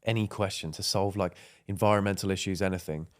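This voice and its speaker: A man's voice: low voice, steady tone, quick pace. A man co-hosting a podcast in casual chat, easygoing, agreeing a lot and chiming in. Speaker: podcast co-host.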